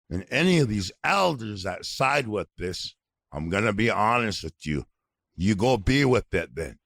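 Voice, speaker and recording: A middle-aged man from North Dakota rants bluntly on his podcast, swearing freely. His voice sits low with a rough, gravelly edge. The close mic keeps the sound dry and near. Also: a bit bright, no room sound. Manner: heated, blunt, swearing often. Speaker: podcast co-host. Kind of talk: angry outspoken podcast rant.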